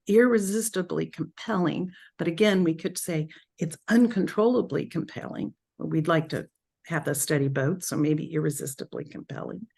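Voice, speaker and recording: A woman leading a spiritual group through a reflective talk, speaking thoughtfully with pauses and self-corrections. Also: fairly low pitch, creaky, a little mellow, breathy edge.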